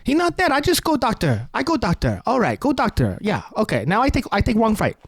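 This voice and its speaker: A man's voice: sits high, wildly swooping pitch, very slow, creaky, a little mellow, no echo, clean studio sound, voice pushed up, exaggerated voice. A man voicing a mocking impression of a middle-aged woman politician, speaking in broken, clipped phrases.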